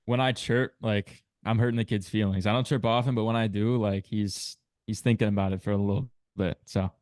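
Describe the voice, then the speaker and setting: A man's voice: on the low side, steady tone, brisk, a little mellow, no room sound, clean studio sound. A young man in his twenties with a Chicago accent, chatting casually as a hockey player guest on a podcast, full of "I mean" and "dude.". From Chicago area. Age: 20s. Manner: laid-back, fillers like "I mean" and "dude".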